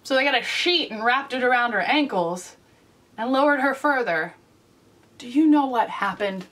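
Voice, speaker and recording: A woman hosting her own casual vlog in a wry, deadpan way, tossing off dry asides. Her voice sits at an ordinary middle pitch. It is heard from a little distance off the microphone. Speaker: vlog host.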